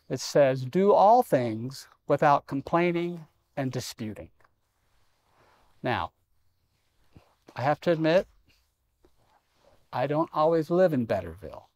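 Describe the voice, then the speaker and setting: A man's voice: a little high, darkish tone. A middle-aged man preaching a sermon in a church, conversational and self-deprecating with humor. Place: church sanctuary.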